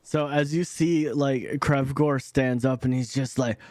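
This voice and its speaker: A man's voice: medium pitch, fairly even intonation, a little slow, a little mellow, no room sound. A man narrating a tabletop game as dungeon master, often laughing and restarting his sentences.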